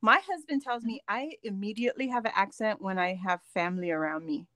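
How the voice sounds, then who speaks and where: A woman's voice: mid-range voice, a little fast, no room sound, clean studio sound. A woman with a New York Puerto Rican accent, chatting and laughing a lot while co-hosting a live craft stream. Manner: laughs often, animated and teasing. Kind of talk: casual chat.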